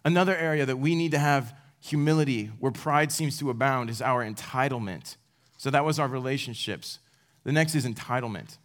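A young man gives a talk to a room of college students. His style is relaxed and conversational. He teases himself as he makes his points and laughs along with his own stories. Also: mid-range voice, fairly quick. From United States. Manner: casual, self-deprecating, with laughs. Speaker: campus speaker.

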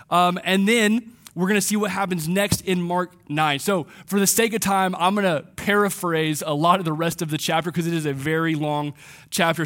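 A pastor giving a conversational sermon, slowing down and dropping his voice for emphasis. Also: sits high, a bit bright. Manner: conversational preaching, slows for emphasis.

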